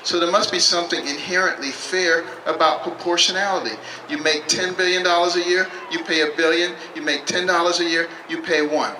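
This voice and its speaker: A man giving a campaign speech at a public rally. He talks in short, measured, emphatic phrases with some dry humor. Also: on the high side, steady tone, pushed and bright. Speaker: political candidate. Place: public rally at a state capitol. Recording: echoey, distant mic, noisy.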